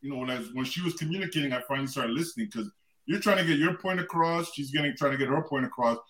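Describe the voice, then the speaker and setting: Animated man telling a story. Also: fairly high pitch, very fast. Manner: animated storyteller acting out both sides. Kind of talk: casual chat. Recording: echoey room with a crowd behind.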